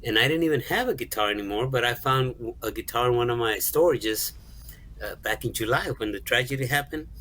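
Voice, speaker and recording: A middle-aged man speaks at an average pitch, telling a personal story as an interview guest. He is earnest and halting, stumbles over repeated words and slips into the voices of the people he quotes. A faint low rumble sits underneath his voice. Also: a bit bright, low-quality recording. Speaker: guest songwriter and music store manager.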